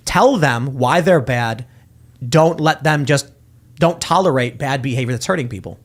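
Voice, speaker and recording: A man's voice: fairly high pitch, animated, moderate pace. Emphatic man hosting a talk show. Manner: emphatic, argues with acted-out quotes. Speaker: podcast host. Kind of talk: casual political talk show chat.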